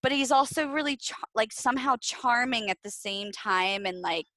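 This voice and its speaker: A woman's voice: fairly high pitch, moderate pace, pushed and bright, no echo, poor audio. A woman co-hosting a podcast in casual chat, rambling, with lots of fillers. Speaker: podcast co-host.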